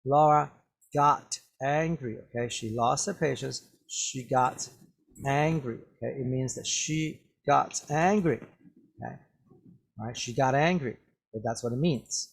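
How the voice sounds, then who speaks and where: A man teaching an English vocabulary lesson, explaining words slowly and checking in with "okay?" after almost every phrase. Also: mid-range voice, gravelly, breathy edge. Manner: repetitive, drawn-out explanations with many "okay?" checks. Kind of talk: slow classroom vocabulary lesson.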